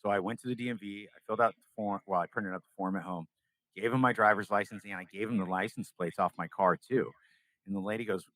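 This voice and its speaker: A man's voice: fairly low pitch, steady tone, fast, fairly bright tone, poor audio. A young man from California, a podcast guest, telling a story in casual interview talk and acting out the dialogue.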